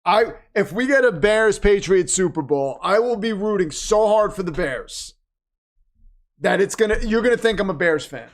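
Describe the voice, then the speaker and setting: A man hosting a live watch party, reacting excitedly to the game and reading viewer comments aloud, his voice getting worn. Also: high voice, moderate pace. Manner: animated, exclaiming, reads chat aloud. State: losing his voice. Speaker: livestream host.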